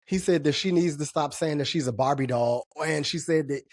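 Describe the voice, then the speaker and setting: Husky-voiced woman gossiping on a podcast. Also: deep voice, fairly quick, dry recording, clean studio sound. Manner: animated, laughing often, gossipy. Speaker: podcast co-host. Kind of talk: casual pop-culture chat.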